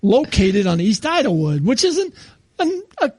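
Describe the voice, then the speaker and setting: A man's voice: high voice, very animated, measured pace, a little mellow, husky, dry recording. A man in his sixties co-hosting a casual comedy podcast, who keeps laughing as he reads posts aloud. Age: 60s. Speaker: podcast co-host.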